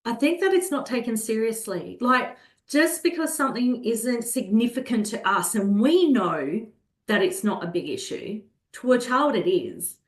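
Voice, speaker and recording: A woman guest speaking calmly and earnestly in a conversational interview about caring for children. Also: fairly high pitch. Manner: calm, earnest, slows down when acting out soothing a child. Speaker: guest, children's holistic health practitioner. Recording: roomy echo.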